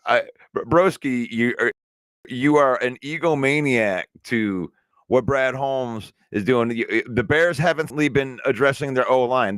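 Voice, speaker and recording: On a casual sports talk stream, the host answers chat with pointed argument, sometimes slowing down to drive a point home. His mid-pitched, fairly bright voice is recorded dry and close, with no room sound.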